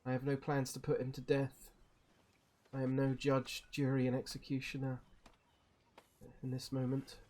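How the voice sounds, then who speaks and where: A man's voice: medium pitch, monotone, a little mellow, lightly acted. Brief: a man playing a composed, formal gang leader. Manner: formal, measured speech. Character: dignified male crime boss, formal and measured.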